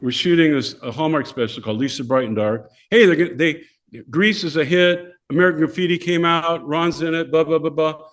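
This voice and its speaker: A man's voice: on the high side, a little fast. An older man, a podcast guest, telling casual stories and acting out the voices of people in them. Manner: animated, acts out voices of people in his stories. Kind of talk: casual storytelling.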